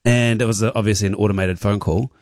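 A man's voice: on the low side, fairly even intonation, fast, darkish tone, no echo. A young adult man, hosting a radio show and telling stories with dry, self-mocking humour in casual banter. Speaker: radio host.

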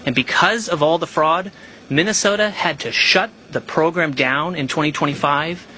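A man's voice: fairly high pitch, bright, forceful tone, a little hiss or hum, low-quality recording. A man, a government official, reading a formal, emphatic statement at a press conference. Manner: measured, emphatic official delivery.

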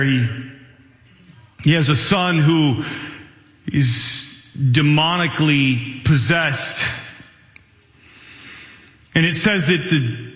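Man preaching, unhurried delivery, earnest, echoey church hall with long reverb. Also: fairly high pitch, fairly bright tone. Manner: earnest, acts out quoted speakers. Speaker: pastor. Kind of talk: sermon.

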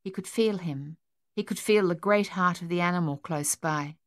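A woman reading an audiobook in a measured, even storytelling delivery. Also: fairly low pitch, no echo, studio quality. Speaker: audiobook narrator. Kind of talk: scripted audiobook narration.

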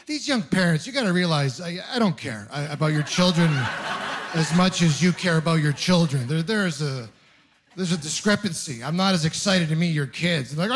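Here a young Ontario, Canada native does stand-up, speaking a little fast in a high voice. He spins lively, playful stories at his own expense on a comedy club stage as the audience laughs.

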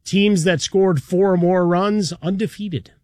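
Opinionated sports radio co-host, high voice. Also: male voice, steady tone, unhurried, darkish tone, no echo, clean studio sound. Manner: opinionated, argumentative. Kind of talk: sports talk radio banter.

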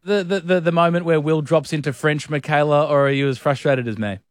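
A man hosting a radio quiz, teasing his co-host and reading questions briskly. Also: a little high, no room sound.

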